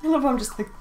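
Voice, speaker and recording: A woman's voice: on the high side, dark tone, slight background noise. A woman chatting casually while playing a game, giggly and teasing, laughing often. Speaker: game player. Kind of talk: casual let's-play chat.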